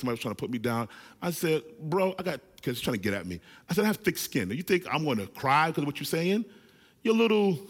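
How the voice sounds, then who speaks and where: Pastor guy in his 40s preaching, high bright voice, big hall echo. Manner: animated, calls for congregation responses. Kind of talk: sermon.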